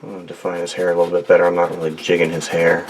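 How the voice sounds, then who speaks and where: A man with a deep voice and completely flat delivery talks very fast as he demonstrates drawing at his home studio desk. The artist rambles casually, jokes and talks to himself while working, and a little hiss or hum is audible.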